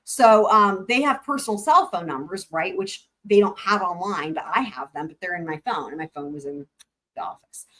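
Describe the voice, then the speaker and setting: A woman's voice: on the low side, lively intonation, moderate pace, sharp tone. A woman hosting a casual livestream, chatting to her viewers as she tells a story, swearing freely and reading out chat comments. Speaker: livestream host.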